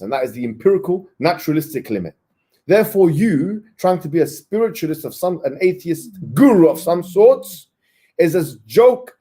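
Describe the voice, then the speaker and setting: A combative man holds forth on a livestream, firing his points at someone who is not there and ending lines with "yeah?". His voice is dark and mellow, with a husky edge. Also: a little high. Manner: combative, addresses absent opponent directly, says "bro" and "yeah?". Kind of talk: heated livestream discussion.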